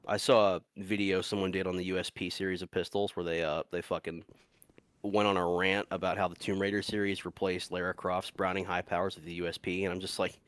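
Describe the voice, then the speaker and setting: A man's voice: low voice, level tone, fairly quick, a bit bright, no echo. A man streaming a video game, chatting casually with a friend in a laid-back, swearing, dry way. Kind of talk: casual gameplay chat.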